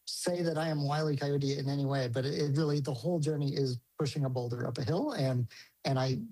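A male filmmaker answers an interviewer in a thoughtful, halting way, with frequent restarts. His tone is dark and mellow. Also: medium pitch, steady tone, rough recording. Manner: thoughtful, hesitant, many restarts and fillers. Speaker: film director interviewed.

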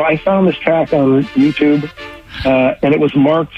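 A man's voice: on the high side, little pitch movement, measured pace, dull audio, soft background music. A man being interviewed as a radio guest, an eager storyteller who spins long anecdotes and acts out his own reactions.

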